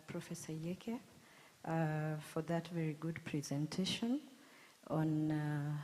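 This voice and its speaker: A Kenyan woman in the audience giving a measured, formal comment at a university conference. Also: low voice, warm tone. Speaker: audience member asking a question. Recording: long reverb of a conference hall.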